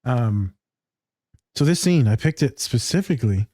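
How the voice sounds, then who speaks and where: A man's voice: mid-range voice, lively intonation, measured pace, dark tone, no room sound, clean studio sound. A man co-hosting a casual podcast, blunt and joking, rambling through his points. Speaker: podcast co-host.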